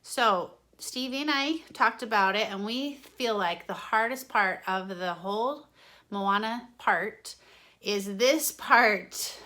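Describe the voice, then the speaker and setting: A woman's voice: mid-range voice, takes it slowly, sharp tone. A woman drama teacher giving an online singing lesson, explaining each point to her students and then singing examples.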